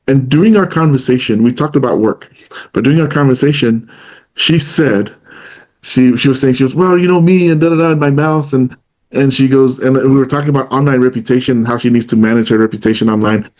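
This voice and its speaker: A man's voice: medium pitch, a little fast, darkish tone. Man telling stories, dull lo-fi sound. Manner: storytelling, retells what others said in their voice. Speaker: podcast co-host. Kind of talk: casual conversation.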